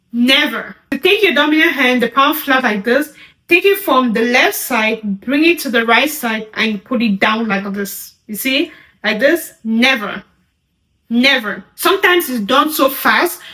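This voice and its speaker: A woman teaching sign language, naming each sign and repeating it slowly as she demonstrates. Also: on the high side, pushed and bright, reverberant.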